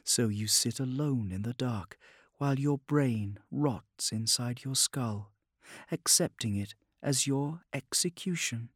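A hushed, breathy mysterious woman, put on by a male audiobook reader. She speaks slowly and quietly, probing and cool. The sound is dry and close. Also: medium pitch, no room sound, pitched above the performer's own voice. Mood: calm probing. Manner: soft, quiet, accusing questions. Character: mysterious cool female visitor, probing and calm. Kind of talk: audiobook character voice.

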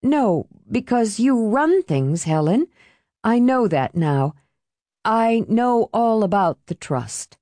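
A woman voicing a desperate, furious young mother who is bitter, confrontational and quick to curse, in an audiobook reading. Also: a little high, very animated, mellow, no echo, pitched above the performer's own voice. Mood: demanding.

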